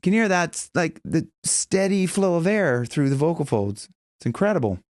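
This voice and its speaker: A man's voice: fairly high pitch, sing-song, dry recording, clean studio sound. A man working as a vocal coach, explaining singing technique in a loose way with many restarts and audible breaths. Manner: loose, demonstrating, breathy gasps between points; talks in halting restarts.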